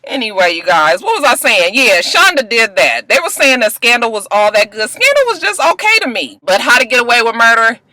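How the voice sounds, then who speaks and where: Woman vlogger, bright voice, casual profane TV recap. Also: on the high side, fairly quick, hardly any pauses, low-quality recording. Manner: animated, profane, acts out characters' lines.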